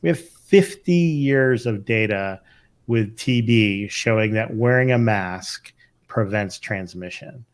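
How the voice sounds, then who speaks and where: Halting middle-aged man on a podcast. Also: lowish voice. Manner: thoughtful, halting, many fillers and restarts. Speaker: emergency physician co-host. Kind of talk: casual podcast chat.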